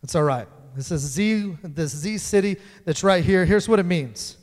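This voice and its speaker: A man's voice: high-pitched, normal speed, darkish tone. A man preaching a sermon in a church, conversational and playful with the congregation. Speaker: pastor. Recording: long hall reverb.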